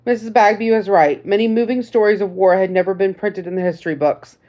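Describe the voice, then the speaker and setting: Woman, audiobook narrator, measured, reflective, middle pitch. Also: steady tone, warm tone. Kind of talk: first-person audiobook reading.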